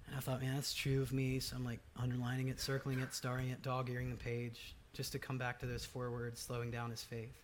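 A man preaching a sermon as pastor, conversational and dynamic, swinging between loud emphatic lines and soft, low ones. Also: monotone, fairly quick, hardly any pauses, a little hiss or hum. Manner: conversational with fillers and asides.

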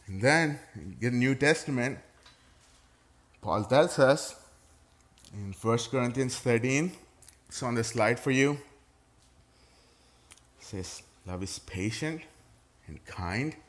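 A man's voice: mid-range voice, slow, pauses often. A middle-aged man, a pastor preaching a sermon to his church in a conversational way, with touches of playful sarcasm.

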